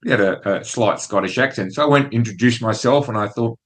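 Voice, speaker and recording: A man's voice: mid-range voice, fairly quick. Chatty man hosting a whisky show. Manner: chatty, relaxed, with fillers and restarts. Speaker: host. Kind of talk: casual whisky show monologue.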